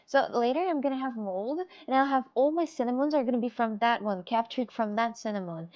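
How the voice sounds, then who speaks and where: A woman's voice: fairly high pitch, fairly quick, few pauses, lo-fi sound. A woman making clay crafts on a live stream, rambling and repeating herself as she talks to her viewers, with a lilt. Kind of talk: casual live-stream chat.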